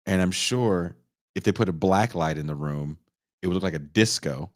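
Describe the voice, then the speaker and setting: A man in his forties with a low voice tells the story of a movie in loose podcast chat. He is animated and profane, and he slips into the characters' lines as he goes. The sound is dry and close, with no room echo. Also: normal speed. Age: 40s. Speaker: podcast host. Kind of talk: casual chat, retelling a movie.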